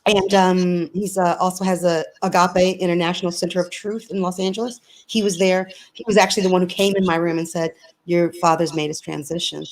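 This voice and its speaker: A woman's voice: fairly low pitch, level tone, brisk, poor audio. A woman guest on a video call, speaking earnestly and telling a personal story with many restarts. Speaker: interview guest, singer. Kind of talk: casual conversation.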